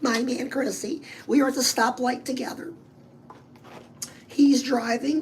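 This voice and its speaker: A high-voiced woman coaches viewers on fitness and weight loss in a bubbly, chatty, upbeat vlog, speaking directly to them. Her tone is steady and unhurried with long pauses, and the poor audio has slight background noise.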